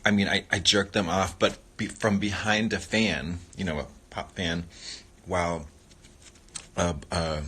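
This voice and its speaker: A man's voice: deep voice, fairly even intonation, measured pace, a bit bright, husky. A man hosting a casual livestream, chatting playfully while he eats and rambling between muttered catchphrases. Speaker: livestream host.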